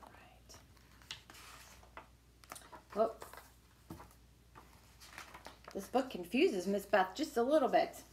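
A woman's voice: medium pitch, animated, drawn-out words, long pauses. A woman working as a children's librarian, reading a picture book aloud and making animal sounds for young listeners. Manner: encouraging, talks to young listeners.

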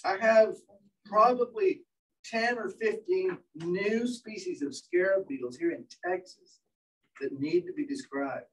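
A man teaching entomology to a training group, telling stories with animated, acted-out quotes. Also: high voice, a little slow, distant mic, low-quality recording. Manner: animated storyteller, acts out voices. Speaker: entomologist lecturer. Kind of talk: anecdotal training lecture. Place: indoor training room.

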